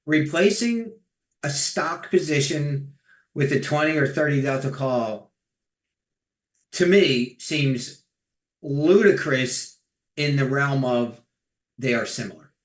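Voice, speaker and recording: A man's voice: medium pitch, lively intonation, takes it slowly, long pauses, roomy sound. A man co-hosting a livestream, talking casually and hesitantly, hedging his opinions. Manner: hesitant, hedging, restarts often. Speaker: co-host. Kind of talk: livestream discussion, casual chat.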